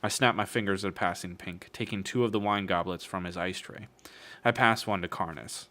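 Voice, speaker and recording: A man's voice: low voice, a little fast, sharp tone. A man streaming a casual book reading, breaking off with wry, swearing jokes between passages. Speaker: streamer reading a novel aloud.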